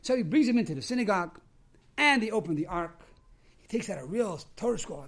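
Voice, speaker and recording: A man's voice: sits high, expressive, fairly quick. A man, a rabbi, giving a sermon and telling a story. He explains terms one after another.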